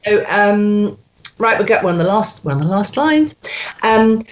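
A woman coaching a learner line by line, patiently repeating words slowly for him to copy. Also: mid-range voice, big pitch swings. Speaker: dialect coach.

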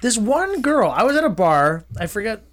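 A man's voice: high voice, normal speed. A man co-hosting a podcast, telling stories in casual chat, swearing often and slipping into joking put-on voices. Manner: swearing, animated storyteller who slips into joking put-on voices. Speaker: podcast co-host.

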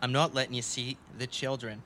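A man's voice: medium pitch, little pitch movement, brisk, bright, forceful tone, slight background noise, voice pushed down, lightly acted. A man voicing a fed-up mother who swears and scolds her ex over child support. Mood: angry. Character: angry fed-up woman, mother of young kids.

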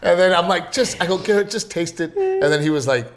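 A man's voice: brisk, a little hiss or hum. A man in his thirties co-hosting a podcast in casual chat, telling stories and acting out quotes with big jumps in voice. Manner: animated storyteller, acts out quotes with big pitch jumps. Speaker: podcast co-host.

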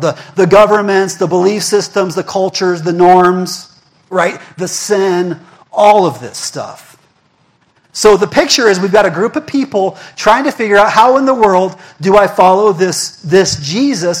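A young man with a high voice preaches a sermon in a loose, conversational way. He puts questions to the congregation and repeats key words for emphasis. His delivery is emphatic and full of restarts. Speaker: pastor.

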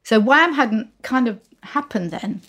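A woman's voice: a little high, measured pace. A woman, telling an anecdote as an interview guest and acting out the voices of the people in it. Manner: animated, acts out the voices of the people in her story.

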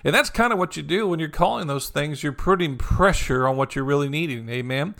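A male pastor preaching a sermon in a slightly higher-than-usual voice with a gravelly edge. He talks conversationally, circling back to the same encouraging phrases and punctuating almost every thought with "amen" or "you know.". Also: brisk, fairly bright tone. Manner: repetitive, encouraging cadence.

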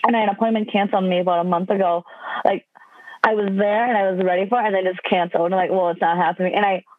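A woman's voice: steady tone, racing, dry recording. A young woman, a podcast guest, telling her story in casual chat, laughing often and acting out what people said. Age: young adult. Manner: chatty, quotes herself in higher voice, laughs often. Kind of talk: casual interview. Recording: tinny phone line.

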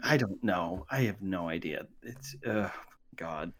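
A man appearing as a podcast guest, chatting casually with blunt, deadpan jokes about a movie. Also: low-pitched, a little slow. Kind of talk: casual movie-review chat.

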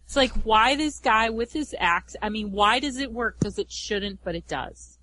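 A woman's voice: fairly high pitch, animated, normal speed, bright, forceful tone, rough recording. A woman co-hosting a podcast, chatting casually and often restarting her phrases. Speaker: podcast co-host. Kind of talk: casual chat.

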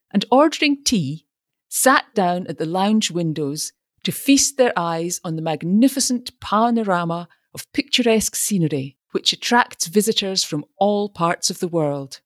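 Low-voiced woman reading a story. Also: no room sound, studio quality. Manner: expressive storytelling. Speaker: narrator. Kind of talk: audiobook narration.

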